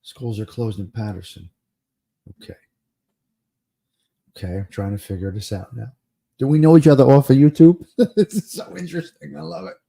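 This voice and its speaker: Male live-stream host, New Jersey accent, warm mellow tone, chatty and repetitive. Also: medium pitch, normal speed, creaky, long pauses. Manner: chatty, repeats phrases for emphasis. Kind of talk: casual live-stream chat.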